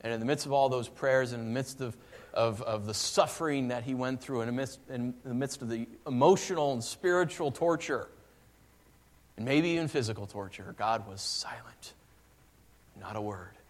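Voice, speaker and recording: A male pastor preaching a sermon, dropping to hushed, slow lines and then rising into fervent, pleading passages. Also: medium pitch.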